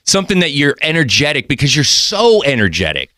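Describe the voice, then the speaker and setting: A man's voice: on the high side, wildly swooping pitch, fairly quick, bright, forceful tone, no room sound, studio quality. A man hosting a podcast, chatting in an earnest, rambling way with many restarts. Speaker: podcast host. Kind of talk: casual chat.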